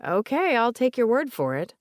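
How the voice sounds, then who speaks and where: A woman voicing an older woman with a soft Southern accent, polite and remorseful, recalling family memories in a gentle, chatty way. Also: on the high side, big pitch swings, moderate pace, no echo, clean studio sound, voice pushed up.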